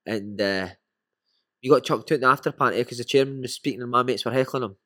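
A man with a Scottish accent, a former footballer and podcast guest, telling lively stories and calling the listener "mate". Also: medium pitch, fast. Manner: animated anecdotes with frequent "mate". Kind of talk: casual storytelling.

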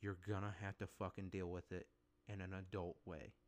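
A man's voice: sits low, flat delivery, normal speed, darkish tone. A man hosting a solo podcast, ranting bluntly with heavy swearing as he gives his opinions. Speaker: podcast host.

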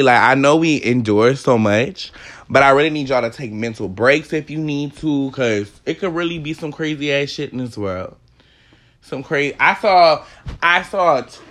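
A man's voice: mid-range voice, a bit bright. A man hosting a podcast who delivers a heated, emphatic opinion monologue full of swearing. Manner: emphatic, profane, ranting. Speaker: podcast host.

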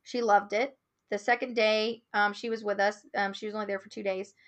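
A woman's voice: medium pitch, fairly quick. A woman guest who owns a marketing business, telling a client story in a casual interview and acting out the quoted lines. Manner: animated storyteller, acts out quotes.

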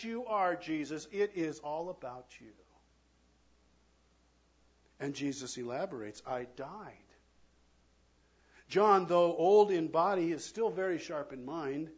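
A male pastor with a slightly husky, somewhat high voice delivers a sermon. He leans hard into some words and then drops almost to a whisper on others. The recording sounds a little muffled and lo-fi. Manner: preaching with dramatic swings from loud emphasis to hushed near-whispers.

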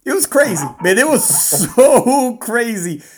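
A woman's voice: a little high, takes it slowly, slight background noise. Chatty woman telling a wild story. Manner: animated, rambling with fillers and laughs. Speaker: strongman athlete guest. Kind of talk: casual storytelling interview.

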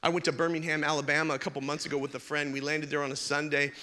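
Pastor, male, higher-pitched, jokey storytelling sermon, recorded in a big echoing hall. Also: little pitch movement, rapid-fire, bright, forceful tone. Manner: jokey, conversational preaching. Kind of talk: sermon with humorous stories.

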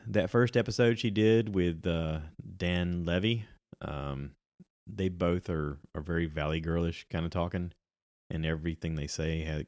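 A man's voice: low voice, steady tone, unhurried, a little mellow, dry recording, clean studio sound. A middle-aged man chatting casually on his own about movies and podcasts, rambling with many ums and restarts.

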